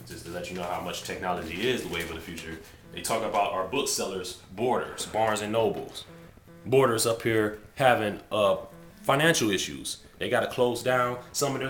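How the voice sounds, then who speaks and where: A man's voice: sits low, fairly bright tone, a little hiss or hum. Rambling, emphatic man in an echoey room. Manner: rambling, emphatic, restarts a lot. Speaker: vlogger. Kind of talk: casual monologue to camera.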